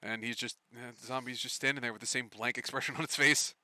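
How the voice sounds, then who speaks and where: A man's voice: mid-range voice, fairly even intonation, quick pace, sharp tone, dry recording. A man running a tabletop game as game master, casual and profane, laughing often. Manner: laughing, swearing, loose and joking.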